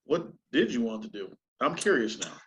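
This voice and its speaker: A man hosting a casual interview show, relaxed and affirming, quick to agree with his guest. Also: mid-range voice. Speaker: show host. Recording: slightly muffled sound.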